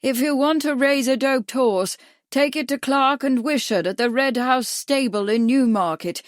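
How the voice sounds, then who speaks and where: Woman voicing a gruff, deaf old doctor. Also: high-pitched, moderate pace, no room sound, studio quality, voice pushed up, natural voice. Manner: brusque and scowling, clipped questions. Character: gruff, crafty, hard-of-hearing old male horse doctor.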